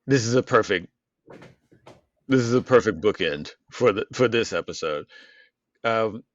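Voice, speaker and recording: A man co-hosting an unscripted podcast, talking in a halting, casual way, restarting often and cursing. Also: on the low side, no room sound, dull audio. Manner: halting, restarts often, stutters when surprised; cursing, relaxed. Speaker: podcast co-host.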